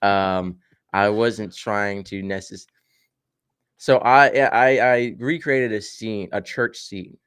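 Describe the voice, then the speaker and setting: A man's voice: fairly low pitch, fairly even intonation, slow, a bit bright, clean tone, no room sound. A man chatting casually on a video call, telling stories and cracking jokes with lots of fillers. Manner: joking, storytelling, many fillers. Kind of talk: casual chat.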